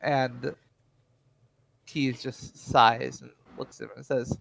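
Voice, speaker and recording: A man narrating a tabletop game as game master, relaxed and full of fillers. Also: medium pitch, slow pace, vocal fry, long pauses, low-quality recording.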